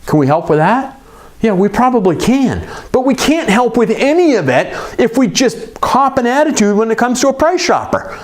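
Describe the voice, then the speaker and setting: A middle-aged man coaching repair shop owners in an emphatic, conversational way with quick asides. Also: very high-pitched, very animated. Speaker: business coach for repair shops.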